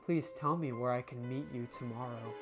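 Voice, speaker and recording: A woman voicing a pretentious, ominous male shaman in a story game, speaking slow and solemn. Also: a bass voice, over music, voice pushed down.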